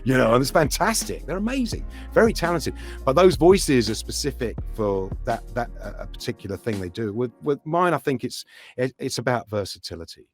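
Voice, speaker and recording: A man's voice: medium pitch, fairly quick, faint music behind. A middle-aged man from England, a voice actor chatting in an interview, full of restarts and sliding into accents as he talks. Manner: animated storyteller, slips into accents and impressions, hesitant restarts. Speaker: voice actor guest. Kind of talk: casual interview chat.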